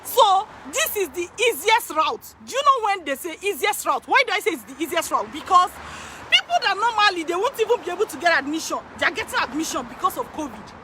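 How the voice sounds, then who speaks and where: A woman working as an immigration consultant, talking excitedly to her viewers, repeating phrases for emphasis and laughing often. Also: very high-pitched, fast talker, a little hiss or hum. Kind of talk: excited direct-to-camera talk. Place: in Canada.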